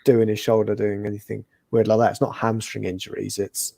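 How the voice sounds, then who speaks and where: Man, low mellow voice, thoughtful casual football chat. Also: little pitch movement, brisk, creaky. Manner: thoughtful, explanatory. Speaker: podcast co-host.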